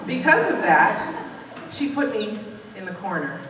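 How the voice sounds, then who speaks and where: A woman in her forties tells a true story live on stage in an animated, conversational way. Her voice echoes strongly around a large hall, picked up from some distance with a long reverb and a faint hiss underneath. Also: mid-range voice, a little slow, a crowd in the background. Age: 40s.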